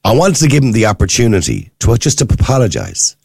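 A man's voice: medium pitch, wildly swooping pitch, creaky, darkish tone, breathy edge, no room sound, clean studio sound. An Irish man hosting a radio phone-in show, talking with callers in an earnest, conversational way. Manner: conversational, earnest, quick asides. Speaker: radio host.

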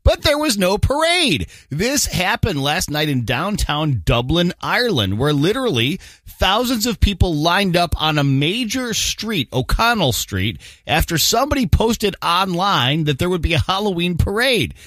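A man's voice: high voice, big pitch swings, moderate pace, a bit bright, no room sound. A man reading light news stories in a jokey, casual morning-show chat. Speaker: news segment co-host.

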